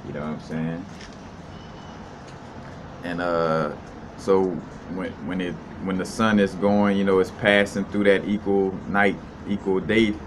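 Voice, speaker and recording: A man's voice: low voice, background noise. A man hosting a casual unscripted video monologue, explaining ideas in a meandering, loose way.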